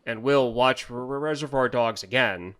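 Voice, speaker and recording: Man, podcast co-host, smooth clear voice, rambling casual talk. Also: mid-range voice, moderate pace, a bit bright. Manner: rambling, restarts often. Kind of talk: casual chat.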